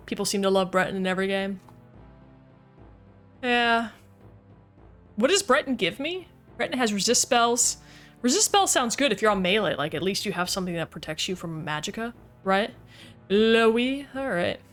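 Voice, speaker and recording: A goofy, talkative woman streams a game from her desk and chats casually with viewers. Her voice sits at an ordinary middle pitch. Faint game music plays softly behind her. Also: animated, normal speed, long pauses. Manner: chatty, goofy, reads chat aloud. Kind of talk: casual livestream chat.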